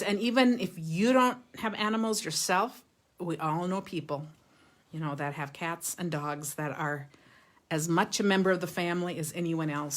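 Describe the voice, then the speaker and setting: A woman hosts a live stream about handmade cards, talking casually and warmly to her viewers. Her voice sits a little low, and she laughs often between remarks. She reads viewer comments aloud as she goes. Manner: chatty and enthusiastic, laughs often. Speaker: card-making livestream host.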